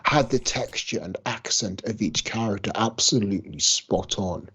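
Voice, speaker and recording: A man's voice: lowish voice, moderate pace, bright, forceful tone, slightly rough. A man co-hosting a podcast, chatting casually with enthusiasm and asking the guest questions. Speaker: podcast co-host. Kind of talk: casual chat. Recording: muffled lo-fi audio.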